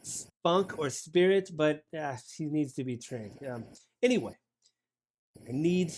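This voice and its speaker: A man's voice: fairly high pitch, expressive, takes it slowly, slight background noise. A man voicing a flustered female shopkeeper and potion maker who stammers and keeps asking the listener to hang on.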